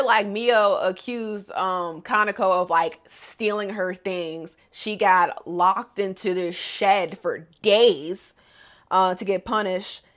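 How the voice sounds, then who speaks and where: A woman casually recaps a cartoon episode in animated, slangy talk. Her voice sits at a middle pitch, and she reacts to the story as she goes. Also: slow pace. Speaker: video host.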